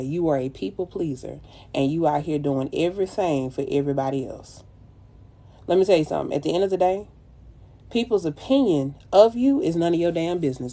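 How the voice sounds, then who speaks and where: With a deep, dark-toned voice, a woman on a live stream lectures her followers in a blunt, preachy, profanity-laced pep talk. She's a makeup artist who addresses her audience as baby and child.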